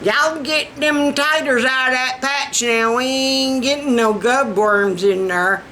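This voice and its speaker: A woman's voice: high voice, slow, pushed and bright, slight background noise, pitched above the performer's own voice, exaggerated voice. A woman with a Southern US accent voicing a poor rural Southern woman who hollers orders about the potato patch. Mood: bossy.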